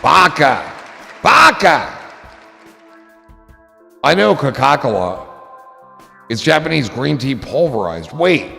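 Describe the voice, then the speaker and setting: A man's voice: mid-range voice, big pitch swings, a little slow, creaky, fairly bright tone, big-room sound, faint music behind, some chatter behind. A man chatting casually on a livestream, joking and rambling and swearing freely.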